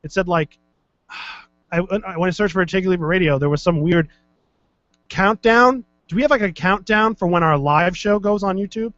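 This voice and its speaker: Joking high-voiced man host. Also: normal speed, fairly bright tone, dry recording. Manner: loose, joking, profane. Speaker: podcast host. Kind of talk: casual chat. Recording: dull, lo-fi dry studio audio.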